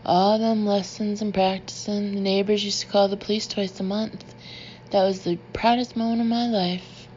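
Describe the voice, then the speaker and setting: A woman reads the part of a middle-aged mother with a soft Southern accent, fervent and insistent as she pleads. Her voice moves little in pitch and holds a flat, steady line. The audiobook recording sounds slightly dull, with a faint hiss behind it. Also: normal speed, natural voice. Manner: pleading, emphatic.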